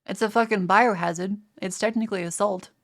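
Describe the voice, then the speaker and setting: A woman's voice: medium pitch, steady tone, a little fast. Profane rambling Australian woman streamer. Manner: profane, rambling, stammers and restarts. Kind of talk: casual live-stream chat reading viewer comments.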